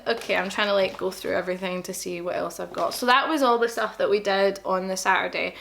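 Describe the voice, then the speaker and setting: A woman's voice: medium pitch, fairly even intonation, fast talker, creaky, fairly bright tone, a little hiss or hum. Young glaswegian girl vlogging, chatty and awkward, acts out what people said. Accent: Scottish, Glaswegian. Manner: chatty, self-deprecating, quotes people in dialogue. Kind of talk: casual storytelling to camera.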